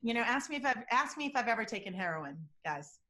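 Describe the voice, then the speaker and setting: A woman guest explaining deception cues in an interview, telling animated stories and acting out quotes. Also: on the high side, quick pace. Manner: animated storytelling, acts out quotes. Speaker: body language and deception expert guest. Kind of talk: interview answers with examples.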